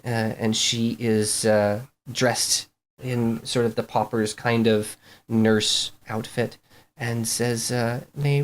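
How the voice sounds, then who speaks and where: A game master narrating a tabletop game at a middle pitch, circling back and restarting often as the scene gets set. The delivery is loose and unscripted. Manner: halting, full of fillers and restarts.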